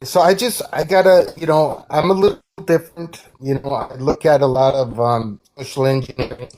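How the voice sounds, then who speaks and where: A man calling into a live online debate, earnest and halting as he makes his point. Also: medium pitch, fairly even intonation, a little mellow. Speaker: caller in a debate.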